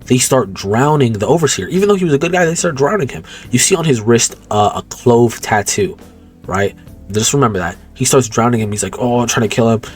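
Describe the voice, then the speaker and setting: A man's voice: mid-range voice, lively intonation, brisk, faint music behind. A young man casually recapping a movie plot, rambling, slangy and profane, often stopping to correct himself. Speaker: movie commentator.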